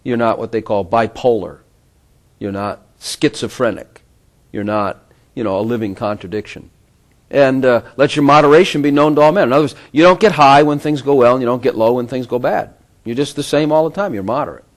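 A man's voice: medium pitch, fairly quick. A middle-aged man giving an informal sermon, rambling with conversational asides and frequent chuckles. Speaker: preacher.

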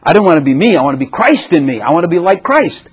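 An older man preaching a sermon to a congregation, animated and exhorting, often acting out prayers in his own voice. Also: a little high, fast talker, husky.

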